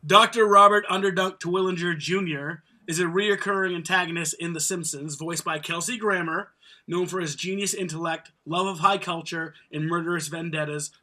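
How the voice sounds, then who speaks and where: A man's voice: sits high, bright, forceful tone. A man hosting a casual podcast, announcing tournament brackets playfully and chatting with co-hosts. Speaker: podcast host.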